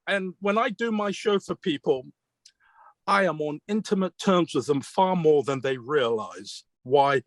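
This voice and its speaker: A man's voice: a little high, lively intonation, measured pace, no echo. A British magician being interviewed, telling stories in an earnest, reflective way and replaying his mentors' advice as quoted dialogue. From Britain. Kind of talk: conversational storytelling.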